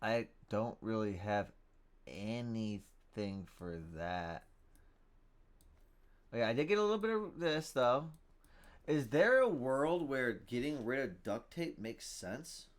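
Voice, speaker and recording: Excitable young man streaming a card game. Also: mid-range voice, slow pace. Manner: excitable, swings from mumbling to loud shouting. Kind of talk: casual gameplay commentary.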